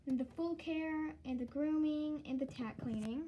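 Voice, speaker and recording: A woman's voice: high-pitched, moderate pace, mellow, muffled recording, slight background noise. A woman from the Southern United States giving a casual show-and-tell tour of her toy collection, rambling and giggly, with lots of "um" and "like".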